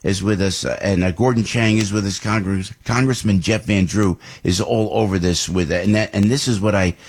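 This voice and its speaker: A man's voice: fairly low pitch, fairly even intonation, a little fast, a little mellow, husky. A man hosting a casual political radio talk show, rambling and rising to indignant outbursts. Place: radio studio.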